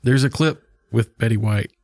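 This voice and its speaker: A man co-hosting a podcast, casually telling a story with halting pauses. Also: mid-range voice, a little mellow, no room sound, clean studio sound. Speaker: podcast co-host. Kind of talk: casual chat.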